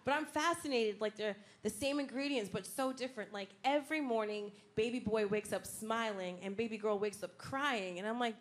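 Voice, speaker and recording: A woman's voice: fairly high pitch, moderate pace. A woman doing stand-up, a mother joking in a sassy, profane, conversational way. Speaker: stand-up comedian. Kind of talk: stand-up routine. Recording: loud background noise.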